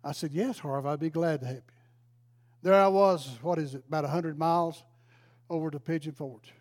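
A man's voice: on the high side, normal speed, darkish tone. An older man, a retired pastor, telling a folksy, emotional story in a sermon. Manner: folksy, emotional, exclaims praise.

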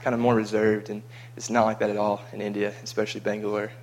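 Casual guy, low gravelly voice, flat delivery, rambling travel chat. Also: fast. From United States. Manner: chatty and rambling, with frequent repeated words. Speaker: vlogger recounting a mission trip.

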